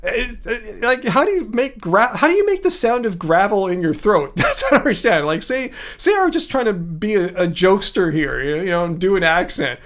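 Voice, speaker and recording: High-voiced, animated male livestream host. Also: brisk, hardly any pauses. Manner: animated, joking, laughs at himself, reacts to chat. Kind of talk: casual livestream chat.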